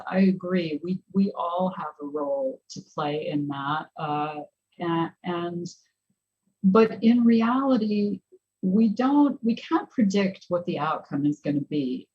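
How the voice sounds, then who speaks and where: A woman's voice: on the low side, a little mellow, husky, muffled recording. A woman professor answering audience questions at a conference, thinking aloud and often restarting her sentences. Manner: thoughtful, with frequent restarts.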